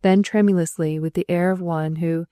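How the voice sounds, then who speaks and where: A woman narrates an audiobook in a measured, expressive way. Her voice is lowish and mellow. It is recorded close and dry, with no room sound. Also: clear, resonant tone, no echo. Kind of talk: storybook narration.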